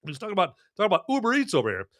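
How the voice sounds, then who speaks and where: Bright-voiced rambling male podcast host. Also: wildly swooping pitch, very fast. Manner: rambling, full of fillers and restarts; jokey, chummy sales pitch. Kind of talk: casual podcast chat.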